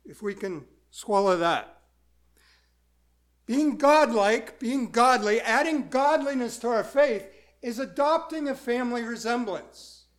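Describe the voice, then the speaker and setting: High-voiced man preaching a sermon. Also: expressive, slow pace. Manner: conversational, asks the congregation questions. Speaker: pastor.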